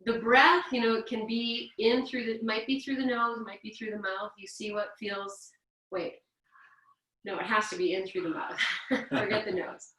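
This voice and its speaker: A woman guiding a yoga breathing practice in a gentle, chatty, playful way, sighing now and then and correcting herself. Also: medium pitch, steady tone, moderate pace. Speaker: yoga teacher. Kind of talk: guided yoga instruction. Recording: echoey room, voice from a distance.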